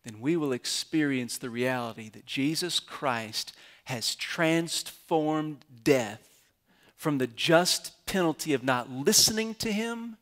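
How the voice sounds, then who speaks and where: A man's voice: a little high, animated, slow pace, fairly bright tone. A man, a pastor giving a sermon in an earnest storytelling way that builds to emphatic climaxes.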